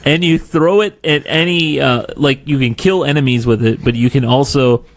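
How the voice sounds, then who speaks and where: A man's voice: medium pitch, moderate pace. Male podcast co-host, mid-range voice, loose and rambling. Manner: rambling, restarts often. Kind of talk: casual chat.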